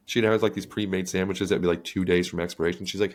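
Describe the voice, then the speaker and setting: Low-voiced male podcast co-host; casual, crude, animated storyteller. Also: fast. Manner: animated, crude storytelling with excited jumps in pitch. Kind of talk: casual chat.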